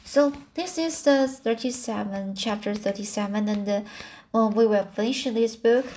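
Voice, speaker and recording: A woman reading a classic novel aloud chapter by chapter, often pausing on fillers and restarting words. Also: fairly high pitch, a little mellow. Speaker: audiobook reader.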